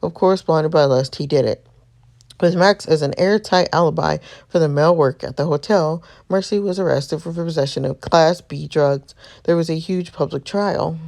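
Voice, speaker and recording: A woman reading a game's narration as a devoted, protective young man, in an earnest storytelling way with a gravelly texture. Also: low voice, moderate pace, darkish tone. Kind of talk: reading game narration aloud.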